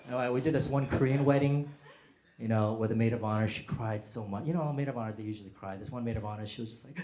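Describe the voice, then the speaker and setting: A male stand-up comedian doing a set, animated and acting out quoted voices with loud bursts. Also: medium pitch, fast. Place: comedy stage before a live audience. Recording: echoey hall, audience laughter. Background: audience laughter.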